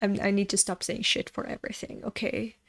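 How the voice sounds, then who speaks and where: A woman's voice: mid-range voice, level tone, fairly quick, creaky, a bit bright. A woman host chatting casually during a manga read-along, rambling off on tangents, swearing freely and talking to her viewers. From Europe. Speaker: manga reader and channel host.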